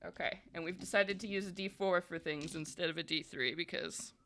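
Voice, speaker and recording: A woman's voice: fairly low pitch, brisk, a bit bright, slight background noise. A woman narrating and explaining rules as game master of a tabletop horror game, in a chatty, explanatory way with many fillers.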